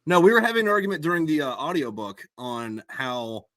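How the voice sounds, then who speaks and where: A man with a bright, forceful voice chats loosely as a live-stream host about the books he wrote. He rambles and is quick to put himself down, with plenty of fillers. The sound is close and dry, with no room around it. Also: a little high, very animated, no echo. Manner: rambling and self-deprecating, full of fillers. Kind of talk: casual chat on a live stream.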